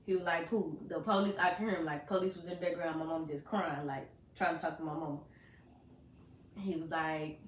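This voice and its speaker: A woman's voice: lowish voice, moderate pace, a little hiss or hum. A young woman from Arkansas, casually and animatedly retelling a painful story to her co-host and acting out what people said. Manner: animated retelling, acts out quoted voices, swears freely. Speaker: podcast co-host. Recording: roomy echo.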